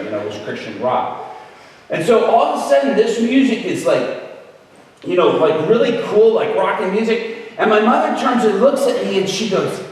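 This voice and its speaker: A man giving an animated, conversational storytelling sermon as a guest speaker. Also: high voice, moderate pace. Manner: animated, conversational, often laughing. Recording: echoey hall, voice far from the mic.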